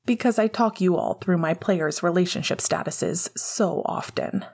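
A woman's voice: fairly low pitch, normal speed, gravelly, a little mellow, husky. A woman voicing a blunt male hockey coach with firm, dry sarcasm at a press conference.

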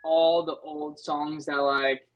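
A young adult man, a motocross racer, telling stories as a podcast guest in an animated way, leaning on filler words. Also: a little high, slow pace, highs cut off. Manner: animated, leans on filler words, acts out his own past thoughts. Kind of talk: casual podcast storytelling.

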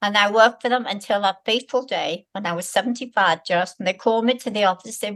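A woman in her eighties from Liverpool, a guest telling stories of her working life in a brisk, lively way. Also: mid-range voice. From Liverpool, England. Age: 80s. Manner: lively, brisk storyteller who acts out other people's lines. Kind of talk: conversational storytelling.

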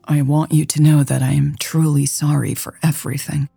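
A woman's voice: low voice, level tone, normal speed, vocal fry, warm tone, slightly rough, no echo, faint music behind, full character voice. Woman reading awkward nervous young woman. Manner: awkward, stammering.

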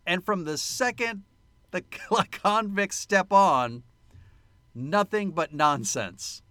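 A man's voice: high voice, slow, pushed and bright, dry recording. A man co-hosting a podcast, chatting casually and joking about a movie, laughing often. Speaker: podcast co-host. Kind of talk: casual movie-review chat.

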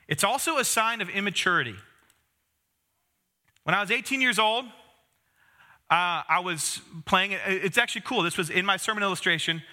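A man's voice: high voice, pushed and bright. A man in his thirties preaching a conversational sermon, with self-deprecating humor and asides to the congregation. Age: 30s. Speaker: pastor.

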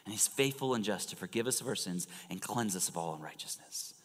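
A man preaching a sermon in a church, animated and storytelling, swinging from loud emphasis to hushed near-whispers. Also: fairly low pitch, a little fast. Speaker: pastor. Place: church sanctuary. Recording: long reverb of a large church hall.

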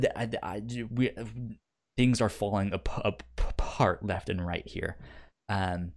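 A man co-hosting a podcast, casually recapping a TV series with frequent stammers and repeated syllables, swearing freely and acting out characters' lines. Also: low-pitched. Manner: acts out characters' lines in quick quoted bursts. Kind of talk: casual chat.

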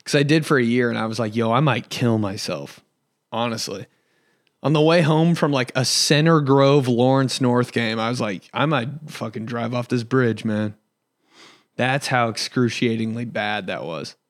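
A young man from Indiana rambles through crude, profane stories as a solo podcast host. His voice sits at an ordinary middle pitch. It is recorded close on a podcast mic with a dry, dead sound. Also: normal speed, dry recording. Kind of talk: casual solo podcast chat.

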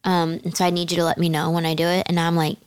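A woman's voice: on the low side, completely flat delivery, fast, clean tone, no echo. A middle-aged woman on her church's teaching team, talking candidly and with self-deprecating humor in a casual podcast conversation, laughing often.

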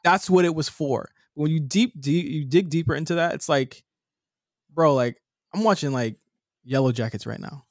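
A man's voice: fairly high pitch, normal speed, no room sound, studio quality. A man co-hosting a TV recap podcast, bluntly critiquing an episode and swearing freely. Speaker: podcast co-host. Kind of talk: casual TV recap chat.

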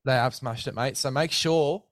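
A man's voice: medium pitch, normal speed, dry recording, clean studio sound. A man hosting a casual sports chat, matey and full of fillers. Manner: chatty, matey, heavy on fillers. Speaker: podcast host.

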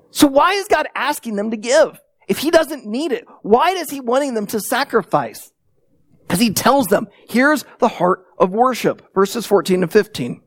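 A middle-aged man delivering a sermon with a lively, swooping delivery, acting out voices as he tells stories. His voice is close and dry, with no room sound around it. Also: very high-pitched, moderate pace, no echo. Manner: animated storytelling with acted-out quotes. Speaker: pastor.

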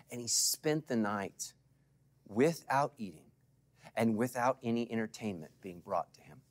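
A middle-aged male pastor with a lowish voice delivers a sermon to his congregation. He swings between loud calls and hushed asides, and he asks the listeners to respond.

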